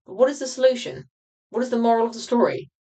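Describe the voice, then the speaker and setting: A woman reading her own nonfiction book aloud on a livestream, in a measured, explanatory way with occasional restarts. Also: a little high, lively intonation, dark tone, rough recording.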